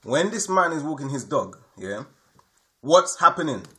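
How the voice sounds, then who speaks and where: A spiritual teacher delivers an explanatory lesson in a slightly high, sing-song voice with a sharp tone, at normal speed. He emphatically repeats his points and checks in with those listening.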